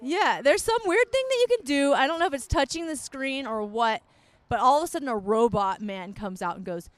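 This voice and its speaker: A woman's voice: sits high, animated, a little fast, no echo. A woman co-host chatting casually and joking with a guest comic. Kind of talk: casual chat.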